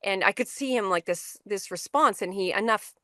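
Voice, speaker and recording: A woman's voice: mid-range voice, normal speed, fairly bright tone, no room sound, studio quality. A middle-aged woman presenting a workshop on a video call, telling a story to educators in a conversational way, with frequent restarts and fillers.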